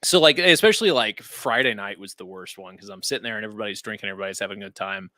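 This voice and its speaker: Animated, swearing man telling stories. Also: fairly low pitch, rapid-fire, dry recording. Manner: animated, profane storytelling. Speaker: podcast co-host. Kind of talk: casual chat.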